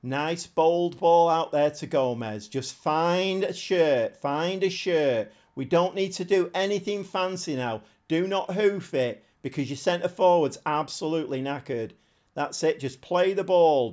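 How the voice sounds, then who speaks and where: Excitable man commentating a game. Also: a little high, a little slow. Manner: excitable, shouts at the screen. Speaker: streamer. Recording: slightly dull lo-fi sound.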